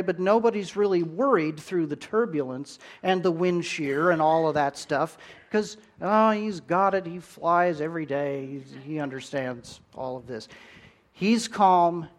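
Slow-speaking preacher man. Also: a little high. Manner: animated storytelling with swings in loudness. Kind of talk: sermon.

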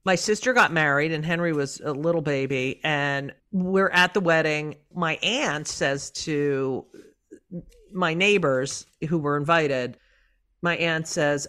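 Animated storytelling woman, middle-aged. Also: low voice, a little slow, smooth. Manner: animated storyteller, acts out quotes, swears. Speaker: comedian guest. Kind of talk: casual interview chat.

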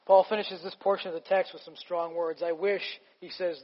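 A male pastor with a high voice, preaching emphatically in a relaxed, conversational way. His voice carries the long reverb of a large hall. The recording sounds a little muffled. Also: moderate pace, few pauses. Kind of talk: sermon.

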